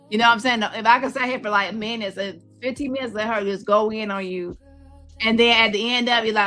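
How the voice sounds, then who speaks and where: Blunt scolding woman with bright voice. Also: fairly high pitch, fairly even intonation, brisk, faint music behind. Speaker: commentary YouTuber. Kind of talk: casual commentary.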